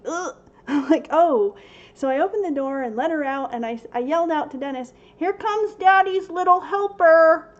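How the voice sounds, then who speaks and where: Slow, laughing woman on a livestream. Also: a little high, warm tone, muffled recording. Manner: laughs often, emotional, tearful at times. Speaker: livestream host. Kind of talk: casual devotional livestream talk. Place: home.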